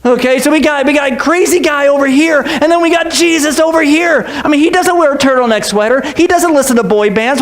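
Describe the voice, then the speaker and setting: A male pastor with an unusually high voice delivers a lively sermon. He jokes with his congregation and breaks into shouted impressions of the crowd and the characters. The sound is of a church service. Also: a little fast. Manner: animated, joking storyteller who acts out the crowd and Pilate. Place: church sanctuary.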